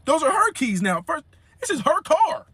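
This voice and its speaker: A man telling a funny story in an animated, slangy way. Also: very high-pitched, normal speed, no room sound. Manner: animated and slangy, repeating "you feel me". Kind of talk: comedic storytime.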